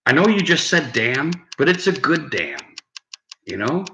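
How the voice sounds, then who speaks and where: A man's voice: mid-range voice, sing-song, measured pace. Rambling, swearing man hosting a live stream. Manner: rambling, swearing, laughs at his own lines. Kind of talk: casual live-stream chat reading viewer comments. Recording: echoey room, faint background noise.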